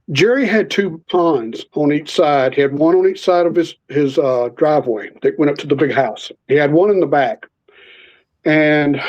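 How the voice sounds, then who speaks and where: A man telling stories in a casual interview, animatedly acting out the voices of people in them. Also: fairly high pitch. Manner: animated storyteller, acts out quoted voices. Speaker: podcast guest. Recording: slightly muffled lo-fi audio.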